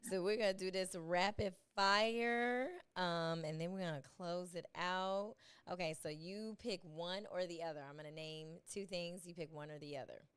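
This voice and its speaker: A woman's voice: fairly low pitch, normal speed, hardly any pauses, clear, resonant tone. A woman hosting a podcast interview, playful and emphatic, in casual chat. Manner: lively, playful, emphatic with "listen" and "okay". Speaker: podcast host.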